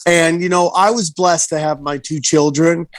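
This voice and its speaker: A man's voice: a little high, fairly even intonation, normal speed, no echo. A man hosting a podcast, agreeable and laid-back in casual chat.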